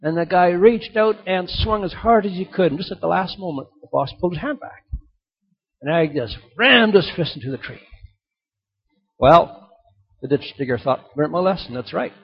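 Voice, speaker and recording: A man preaching a sermon, telling stories and swinging between loud emphasis and soft, quiet drops. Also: high voice, expressive, normal speed, long pauses, breathy edge. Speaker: pastor. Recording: dull lo-fi recording.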